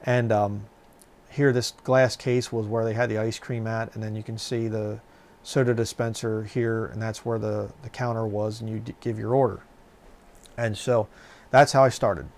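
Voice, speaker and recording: A man's voice: on the low side, level tone, normal speed, a little mellow. A middle-aged man telling stories from his past in a casual, rambling way, with many fillers and restarts. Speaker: channel host. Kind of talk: casual personal storytelling.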